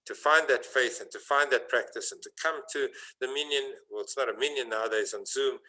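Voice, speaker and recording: A man giving a sermon as a rabbi, telling a story and building to fervent emphasis, with some halting restarts. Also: medium pitch, bright, forceful tone, poor audio.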